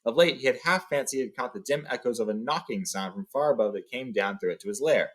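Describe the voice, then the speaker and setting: In this book read-along, a medium-pitched man with a breathy edge talks fast as he reads from a novel. Between passages he gives casual summaries full of fillers.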